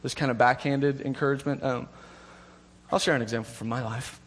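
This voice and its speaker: A man's voice: medium pitch, steady tone, a little fast, husky. A man preaching a sermon, conversational and self-deprecating at times, earnest with emphatic repetition.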